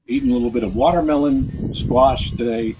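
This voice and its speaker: A man's voice: medium pitch, fairly even intonation, fairly quick, noisy background. A man hosting a podcast in a casual, rambling monologue, chatty and often correcting himself. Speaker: podcast host.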